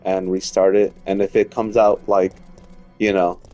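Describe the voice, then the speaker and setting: A man's voice: low-pitched, flat delivery, a little slow, dark tone, faint music behind. A man giving casual let's-play commentary as he plays, rambling, repeating himself and swearing freely. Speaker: gaming streamer.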